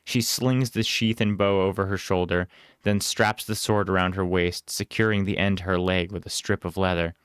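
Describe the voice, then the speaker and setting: A man reading a storybook aloud in a plain, unhurried way with small casual asides. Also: sits low, steady tone, a bit bright, clear, resonant tone, no room sound, studio quality.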